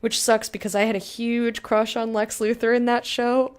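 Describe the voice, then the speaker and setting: Young woman gaming on stream, chatty, laughs a lot, kinda high voice. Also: flat delivery, moderate pace, hardly any pauses. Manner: chatty, laughs often, reads game text aloud. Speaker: game streamer. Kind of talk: casual let's-play chat with viewers.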